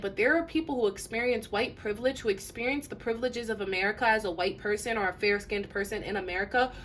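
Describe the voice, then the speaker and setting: A woman's voice: fairly high pitch, fairly bright tone, slight background noise. A woman doing a casual tarot reading to camera, talking earnestly with many restarts and fillers. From Detroit area.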